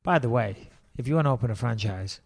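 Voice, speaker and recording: A man's voice: medium pitch, expressive, quick pace, gravelly. A middle-aged man from England, co-hosting a podcast in casual, rambling, sweary chat. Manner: swears freely, rambling storyteller. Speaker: podcast co-host.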